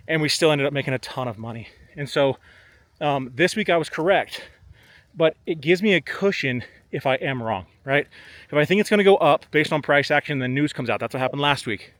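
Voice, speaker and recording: A man's voice: a little high, no echo. A young man, a trader, chatting casually to camera outdoors on a golf course, a bit out of breath, peppering his talk with "like" and "man". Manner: relaxed, chatty, uses "like" and "man" a lot. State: slightly out of breath. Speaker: options trader and vlogger.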